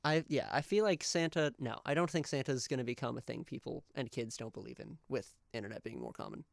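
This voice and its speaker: A man's voice: mid-range voice, brisk, gravelly, dry recording, studio quality. A young man co-hosting a podcast, chatting casually and rambling with lots of fillers. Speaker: podcast co-host. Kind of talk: casual chat.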